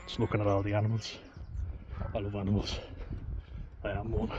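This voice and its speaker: A young man speaks in a lowish voice, rambling and swearing as he opens up candidly to camera. He's outdoors in the countryside, and the recording is dull and muffled, with steady background noise and crows calling. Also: normal speed. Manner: rambling, sweary and frank, with nervous laughs. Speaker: vlogger. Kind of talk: candid confessional vlog talk. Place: outdoors in the countryside among farm animals.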